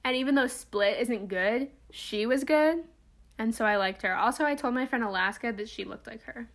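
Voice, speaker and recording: A woman's voice: a little high, normal speed. A young woman chatting casually on a podcast, laughing often and slipping into quoted film lines. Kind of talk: casual chat.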